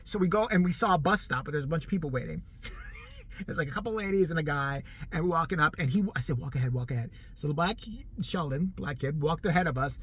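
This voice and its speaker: A middle-aged man telling a story casually to the camera, animated and profane, laughing often as he goes. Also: a little high, fast talker, slightly rough. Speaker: vlogger.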